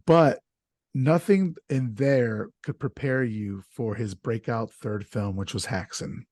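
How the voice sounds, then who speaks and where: A man's voice: mid-range voice, darkish tone, no room sound, studio quality. A man hosting a casual podcast chat, talking loosely and stumbling over names, with an easy laugh. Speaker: podcast host.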